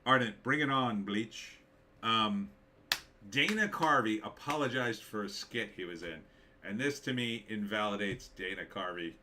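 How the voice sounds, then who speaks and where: A man's voice: fairly low pitch, a little slow, sharp tone, slight background noise. A man hosting a live stream, reading viewer comments aloud and answering them with blunt, dismissive opinions and many fillers.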